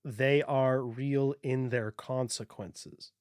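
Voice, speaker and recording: A man's voice: medium pitch, steady tone, takes it slowly, a little mellow, clear, resonant tone, no echo, studio quality. A man hosting a casual podcast, reading his research notes aloud and joking between points.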